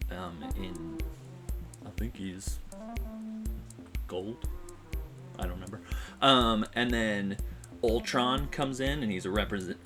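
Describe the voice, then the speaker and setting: Heartfelt, rambling man over music. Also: fairly low pitch. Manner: rambling, heartfelt, many fillers and restarts. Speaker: vlogger. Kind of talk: personal storytelling vlog. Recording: music playing behind.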